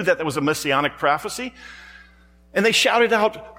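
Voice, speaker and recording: A man's voice: high voice, normal speed, pushed and bright, long reverb tail. A man preaching a sermon in a church, dramatic and rhetorical, building his points through repeated phrases and pointed questions to the congregation.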